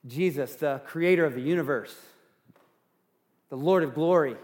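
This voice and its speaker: Earnest pastor guy preaching, kinda high voice, gets loud then goes real soft, echoey church. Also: normal speed, long pauses. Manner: earnest, swinging from loud emphasis to hushed softness. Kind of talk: sermon. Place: church sanctuary.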